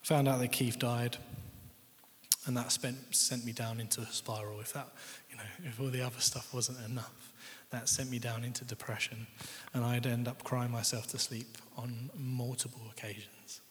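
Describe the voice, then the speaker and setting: A man's voice: mid-range voice, little pitch movement, normal speed, a bit bright. Young guy telling his testimony, chatty and open, big echoey hall. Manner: candid, conversational, quotes others' words. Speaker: guest speaker. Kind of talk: personal testimony in a sermon. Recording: long hall reverb.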